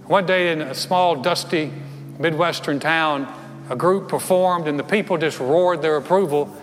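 A man delivers a sermon with a slightly raised pitch, telling his story in an earnest way that builds. His voice rings through a large church sanctuary with long reverb. Soft music plays underneath. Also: unhurried. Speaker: pastor.

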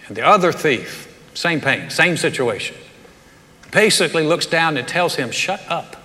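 Forceful preacher in a reverberant hall. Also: male voice, on the high side, normal speed. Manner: conversational, animated storytelling with humor. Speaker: pastor. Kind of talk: sermon.

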